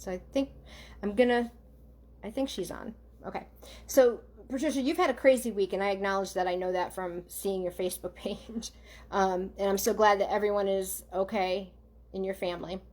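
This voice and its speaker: A woman working as a psychic medium, doing a live online reading for viewers in a gentle, halting way, with many ums and okays. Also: medium pitch, fairly even intonation.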